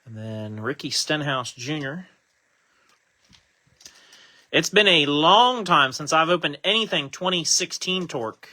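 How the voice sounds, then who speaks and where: A man's voice: fairly high pitch, expressive, measured pace, long pauses, bright, forceful tone. A man hosting a live trading-card break, casually chatting while he reads out each card he pulls.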